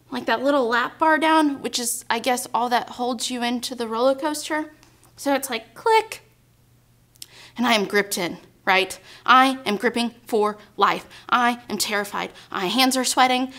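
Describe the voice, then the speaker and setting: A young woman speaking to kids at church, telling an animated, dramatic story and calling her listeners "guys". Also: fairly high pitch. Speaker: children's ministry speaker. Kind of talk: storytelling devotional talk for kids.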